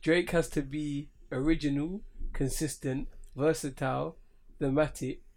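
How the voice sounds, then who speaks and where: A young man, co-hosting a podcast, giggly and reading aloud haltingly. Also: fairly high pitch. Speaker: podcast co-host. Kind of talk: casual chat.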